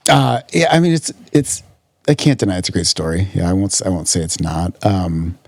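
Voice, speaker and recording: A man's voice: sits low, a little fast, dry recording. A man as a podcast guest, talking earnestly in casual conversation and often repeating words as he searches for them. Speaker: podcast guest, physician in recovery.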